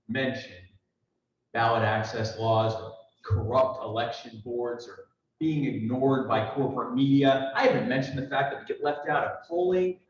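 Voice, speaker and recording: A man's voice: mid-range voice, slight background noise. Emphatic man speaking in an echoey hall. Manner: emphatic, acts out little dialogues, rhetorical questions. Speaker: political speaker. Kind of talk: persuasive speech to a party audience. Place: large room at a party convention. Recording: echoey hall, picked up from a distance, muffled.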